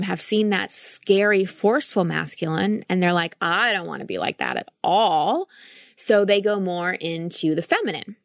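A woman's voice: mid-range voice, dry recording, studio quality. A woman life coach hosting a podcast, talking through her thoughts in an earnest, reflective monologue with frequent restarts.

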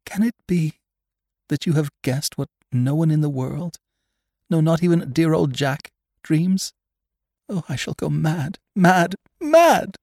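Man putting on a frightened young woman, high-pitched, pleading, near hysterical, loud, dry audiobook sound. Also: expressive, slow pace, gravelly, dry recording, heavily acted. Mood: anguished.

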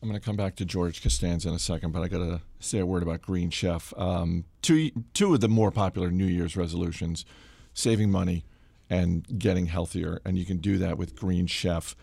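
Middle-aged male podcast host, animated and self-deprecating, low and gravelly. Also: brisk, dry recording. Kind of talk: casual chat with host-read ad.

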